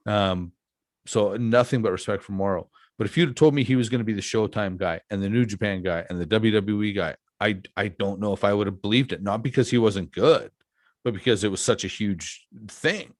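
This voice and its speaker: A middle-aged man with a fairly low voice hosts a relaxed podcast conversation. He talks candidly and reflectively, winding through old stories. The sound is close and dry, with no room echo. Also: a little fast. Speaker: podcast host. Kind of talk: casual podcast chat.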